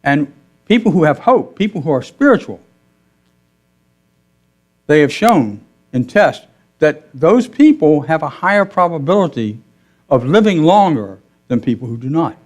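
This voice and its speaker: A middle-aged male minister giving a gentle, conversational sermon in a church, telling stories with quoted dialogue and asking his listeners questions. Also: fairly high pitch, very animated, measured pace, pauses often. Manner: conversational, asks the congregation questions. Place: church sanctuary.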